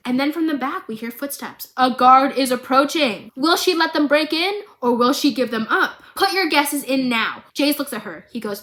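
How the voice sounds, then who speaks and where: A young woman vlogger retelling a TV series in a dramatic, chatty way, full of asides. Her voice is bright, crisp and a little high. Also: moderate pace, hardly any pauses. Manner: animated, dramatic, laughing asides. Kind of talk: chatty TV recap.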